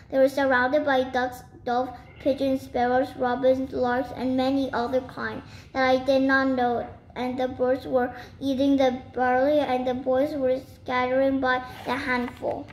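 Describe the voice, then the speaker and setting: A woman reading a children's book aloud in a steady, careful way with small slips. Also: sits high. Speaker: reader. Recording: roomy with faint noise.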